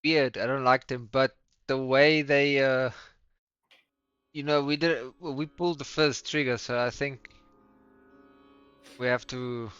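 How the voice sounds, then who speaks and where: A man's voice: medium pitch, steady tone, a little slow, long pauses, a bit bright, smooth, no room sound. A man playing a tabletop game, rambling casually and trailing off into a mumble. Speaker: player. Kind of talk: casual chat during play. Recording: dull lo-fi sound, faint music.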